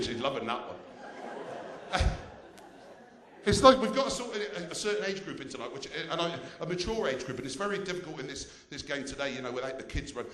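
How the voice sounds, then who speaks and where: A man's voice: mid-range voice, sharp tone, reverberant. A male stand-up comedian on a theatre stage, cheekily teasing the audience.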